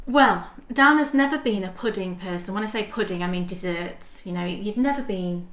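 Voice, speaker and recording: A woman with a Yorkshire accent co-hosting a podcast, chatty and quick to laugh, explaining things at length. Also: mid-range voice, a bit bright. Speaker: podcast co-host. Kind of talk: casual chat. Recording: roomy echo.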